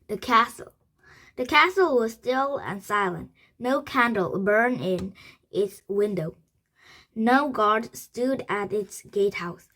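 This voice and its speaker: A woman reading a children's chapter book aloud, slow and halting, often correcting herself. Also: fairly high pitch, fairly bright tone. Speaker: reader.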